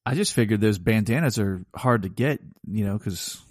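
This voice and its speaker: A man's voice: fairly low pitch, expressive, moderate pace, no echo, studio quality. A man on a podcast as a guest, talking about a film in a puzzled, questioning way. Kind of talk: casual film chat.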